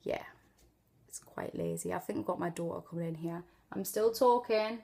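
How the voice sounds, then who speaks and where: A woman with a Geordie accent from northeast England, chatting casually through an accent tutorial as a mother of two, sing-songy and quick to laugh. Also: lowish voice, creaky, warm tone.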